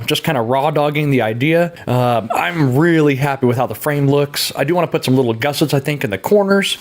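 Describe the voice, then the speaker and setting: A man casually narrating a bicycle frame build in his workshop, laid-back and chuckling often, with plenty of "uh" fillers. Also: fairly high pitch. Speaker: hobby frame builder and vlogger.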